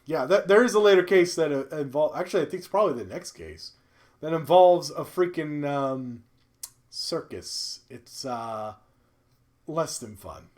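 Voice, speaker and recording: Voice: mid-range voice, animated, measured pace, a little mellow, slight background noise. A game streamer giving casual let's-play commentary, swearing freely and muttering asides.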